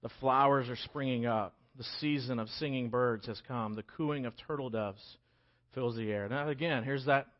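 A man, preaching a sermon and acting out scripture in lively voices. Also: mid-range voice, moderate pace. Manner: animated, acts out scripture voices. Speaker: pastor. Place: church sanctuary. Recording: dull lo-fi church recording.

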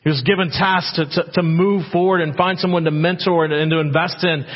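A man's voice: fairly high pitch, fairly even intonation, a little fast. A man preaching a dramatic sermon as a pastor, acting out God's words in quoted lines. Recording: muffled with long hall reverb.

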